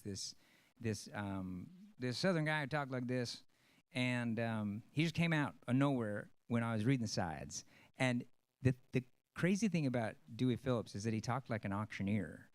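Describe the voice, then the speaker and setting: Male stage actor, low-ish voice, earnest and rambling, many ums. Talking to an audience. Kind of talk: personal talk.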